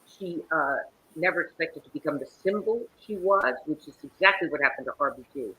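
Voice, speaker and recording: A woman who is a guest actress, telling stories in a theatrical, animated way during an interview on a video call. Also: sits low, brisk, a little hiss or hum, poor audio. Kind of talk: interview conversation.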